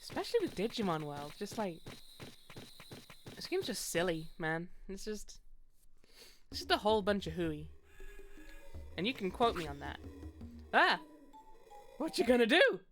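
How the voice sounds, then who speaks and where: A woman's voice: on the low side, big pitch swings, normal speed, pauses often, faint music behind. A woman streaming a video game, chatting with viewers in a playful put-on tough New York voice, laughing often. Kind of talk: casual gameplay commentary.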